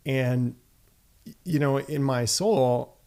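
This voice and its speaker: A man from Saskatchewan, guesting on an interview show, speaks at an ordinary middle pitch. He reflects aloud in a measured way. He keeps pausing on a rhetorical "right?". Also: mellow. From Saskatchewan, Canada.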